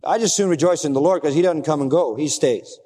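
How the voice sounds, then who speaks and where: A man preaching from the pulpit with a high, bright pitch, his voice trailing off in a long hall reverb. He speaks emphatically, pressing his listeners with rhetorical questions. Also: fairly quick, husky. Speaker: pastor. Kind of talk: sermon.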